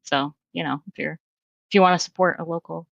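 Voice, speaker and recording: Low-voiced woman chatting with hedges. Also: fairly even intonation, brisk, vocal fry, fairly bright tone, no echo, muffled recording. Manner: hedging, filler-heavy, thoughtful. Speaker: podcast guest. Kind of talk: casual chat.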